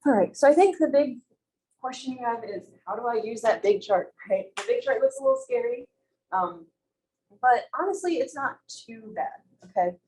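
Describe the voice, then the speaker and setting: Young female instructor, warm mellow tone, friendly classroom lecture, reassuring check-ins. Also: fairly high pitch, lively intonation, normal speed, breathy edge, low-quality recording. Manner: friendly, reassuring, asks frequent check-in questions. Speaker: math instructor. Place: classroom, also streamed on video call.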